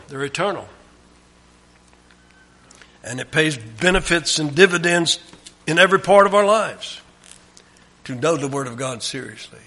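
A man giving a Bible teaching, emphatic, often dropping his voice low at the end of a phrase. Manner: emphatic, drops to a hush at phrase ends. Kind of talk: sermon.

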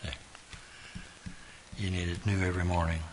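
A man preaching a sermon, slow and earnest, repeating his point and rising to sudden loud emphasis. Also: low-pitched, level tone, noisy background.

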